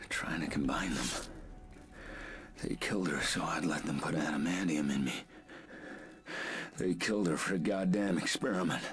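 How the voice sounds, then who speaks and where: An actor playing a bitter, grieving male fighter in video game dialogue, speaking low and grim. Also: moderate pace, pauses often.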